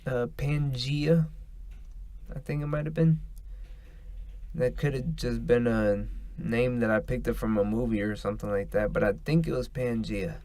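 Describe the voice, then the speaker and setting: A man's voice: mid-range voice, steady tone, moderate pace, a little mellow. A man hosting a casual solo podcast, rambling and swearing as he drifts between thoughts. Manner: rambling, profane, meandering. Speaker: podcast host.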